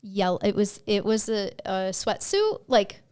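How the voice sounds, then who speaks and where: A woman's voice: mid-range voice, sing-song, measured pace, darkish tone. A woman in her forties co-hosting a podcast, telling stories in casual chat and laughing often. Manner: chatty storyteller, laughs often. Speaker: podcast co-host.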